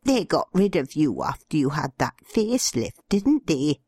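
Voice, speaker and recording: A woman's voice: low-pitched, big pitch swings, moderate pace, dark tone, husky, dry recording, clean studio sound, heavily acted. Woman doing a blunt, gossipy female fan.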